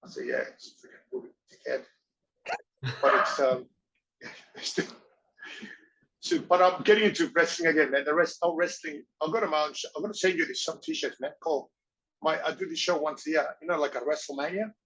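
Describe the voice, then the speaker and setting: A man's voice: a little high, fairly quick, fairly bright tone, rough recording. A man, a guest in a casual interview, rambling through stories and acting out the voices of the people he quotes. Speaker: interview guest, former wrestler and actor.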